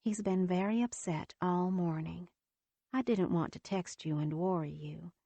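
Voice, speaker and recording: A woman's voice: fairly low pitch, vocal fry, no echo. Woman reading a kind, reassuring nurse. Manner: gentle, reassuring, measured. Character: kind, steady female home nurse.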